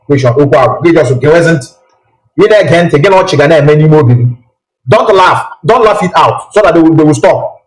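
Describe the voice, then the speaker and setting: A man's voice: fairly high pitch, expressive, fairly quick, low-quality recording. A man hosting a live political call-in broadcast, talking emphatically with repeated rhetorical questions.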